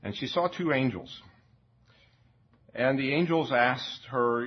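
A man preaching a sermon in a slow, reflective way, often repeating words and pausing with fillers. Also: mid-range voice, breathy edge. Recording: dull lo-fi recording.

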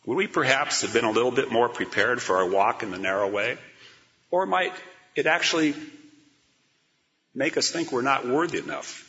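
A man's voice: mid-range voice, animated, moderate pace, long pauses, sharp tone, big-room sound. A man preaching a sermon, earnest and rhetorical, reading scripture aloud. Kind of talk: sermon with dramatic storytelling. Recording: dull lo-fi recording.

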